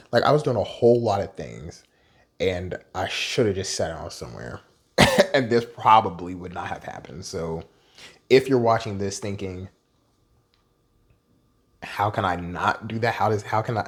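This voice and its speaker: A man's voice: on the low side, breathy edge. A young adult man vlogging in a candid, rambling, self-deprecating way. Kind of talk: casual personal vlog monologue.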